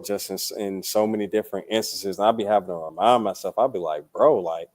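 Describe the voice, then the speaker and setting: A young man from Durham speaks as a podcast guest. His voice sits low, and he talks in a loose, slangy way, full of cursing and constant "you feel me" check-ins. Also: fast talker, a little mellow. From Durham, North Carolina. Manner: laid-back, profane, repeats "you feel me". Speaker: poet and musician guest. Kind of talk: casual podcast interview.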